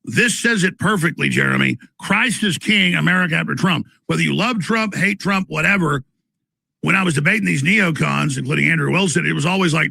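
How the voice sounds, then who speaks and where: A man hosting a talk show debate, talking with animated, stammering restarts and a gravelly edge. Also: a little high, fairly quick, no room sound.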